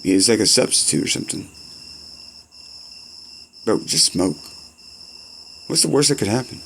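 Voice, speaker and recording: Young man, gravelly, fairly low, rambling profane skit banter. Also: lively intonation, normal speed, fairly bright tone, a little hiss or hum. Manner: rambling, profane, slangy back-and-forth. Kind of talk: improvised comedy skit banter.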